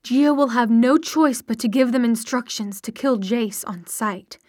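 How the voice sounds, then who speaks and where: A woman's voice: on the high side, a little slow, a little mellow, no echo, clean studio sound. A woman reading aloud and voicing a stern, tired middle-aged mother with a clipped, commanding manner. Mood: grave.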